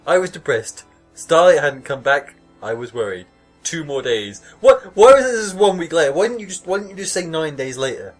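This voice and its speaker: A young man with a slightly high voice reads a scary story aloud for laughs. He keeps breaking off into sarcastic, mocking commentary full of swearing and giggles, and faint music plays underneath. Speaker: podcast host reading stories. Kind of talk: comedic reading with sarcastic commentary.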